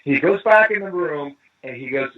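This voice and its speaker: A man's voice: fairly high pitch, normal speed, slight background noise. A man from East Los Angeles, a drummer guesting on an interview, telling a long anecdote and acting out the voices of the people in it, heard over a phone line. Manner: lively storyteller acting out quoted dialogue. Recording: tinny phone-line call.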